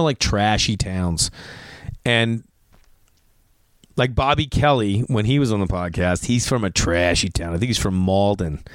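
Recorded dry with clean studio sound, this Massachusetts man, a comedian and podcast host with a Boston accent and mid-range voice, spins casual, filler-laden, profanity-filled stories in a garage.

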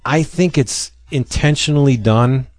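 Against some background noise, a man with a mid-range voice speaks a little slowly. He's a podcast host chatting casually, retelling a comic with animation, acting out its lines amid many fillers.

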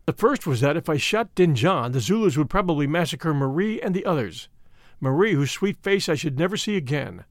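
A man narrating an adventure novel as an audiobook in an expressive, measured storytelling manner. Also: a little high, no echo, studio quality.

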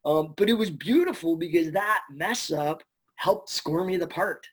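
A man, a voice actor, telling stories in a casual interview, chatty and animated, swearing now and then. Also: on the high side, unhurried, breathy edge. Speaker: voice actor guest.

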